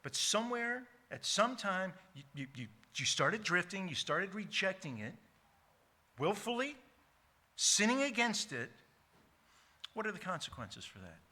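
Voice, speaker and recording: A man preaching a sermon as pastor, emphatic, slowing down to stress key words, with frequent restarts. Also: high-pitched, sing-song, pushed and bright. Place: church sanctuary.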